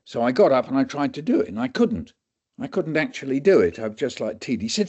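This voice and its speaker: A man's voice: medium pitch, big pitch swings, quick pace, darkish tone, slightly rough. Older man telling a funny story. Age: 70s. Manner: chatty, self-deprecating, laughs often. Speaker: guest speaker. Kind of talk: humorous storytelling talk. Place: webinar recording. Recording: dull lo-fi audio.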